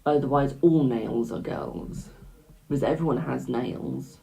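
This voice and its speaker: British man, chatty and a little gravelly. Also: medium pitch, a little slow, dark tone, low-quality recording. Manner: chatty, calls viewers "my darling". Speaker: tarot reader on a live stream. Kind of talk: casual live-stream chat.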